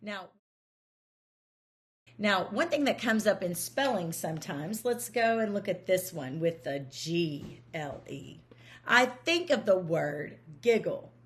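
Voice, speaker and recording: A woman teaching a phonics lesson for parents, explaining patiently and counting letters aloud slowly. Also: mid-range voice. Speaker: reading teacher.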